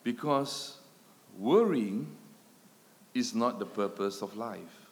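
Slow, emphatic preacher in a reverberant hall. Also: male voice, on the low side, animated. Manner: dramatic swells and drops in loudness, emphatic repetition. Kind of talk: sermon.

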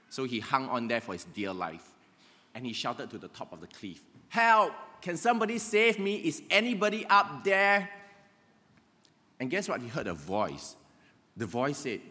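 A pastor preaches a sermon in a church hall, his fairly low voice sharp in tone. He talks conversationally, often checking in with "right?", and the hall adds long reverb.

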